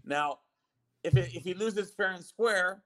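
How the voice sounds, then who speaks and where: A man in his fifties with a fairly high, bright, forceful voice. He talks in a casual podcast chat and tells his stories with animated energy. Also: unhurried, rough recording. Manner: animated storyteller, lively retelling of arguments.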